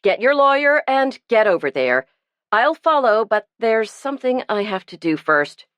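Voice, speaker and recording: A woman reading the part of a sharp, determined amateur sleuth who questions bluntly and firmly. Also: fairly high pitch, very animated, moderate pace, dry recording, voice pushed up.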